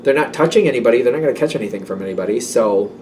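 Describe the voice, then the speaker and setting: A man's voice: medium pitch, expressive, racing, a little mellow, distant mic, slight background noise. A man giving a casual tarot reading, rambling and self-doubting, with many fillers. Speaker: tarot reader.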